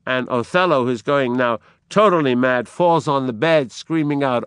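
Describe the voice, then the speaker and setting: Slow, resonant male lecturer. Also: medium pitch, fairly bright tone, clean tone, no room sound, studio quality. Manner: dramatic, emphatic narration woven with quoted verse. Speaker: literature lecturer. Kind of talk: lecture on Shakespeare.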